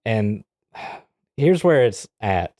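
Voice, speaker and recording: Speaking extremely slowly at a fairly low pitch, a podcast co-host tells a story in casual chat, captured in studio quality with no room sound. He's animated throughout, laughing often and acting out what people said.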